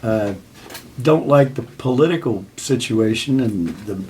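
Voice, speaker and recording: An older man speaks earnestly about his band, reflective and unhurried, pausing with fillers. His voice sits at an ordinary pitch, with a faint hiss of noise behind him. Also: lively intonation, a little mellow. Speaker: band member. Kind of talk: interview.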